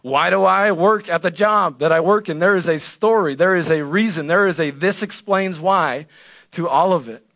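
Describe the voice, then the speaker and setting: A male pastor giving an animated, conversational sermon that keeps checking in with the listeners. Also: high-pitched, a little fast, creaky, few pauses. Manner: animated, conversational preaching with frequent "right?".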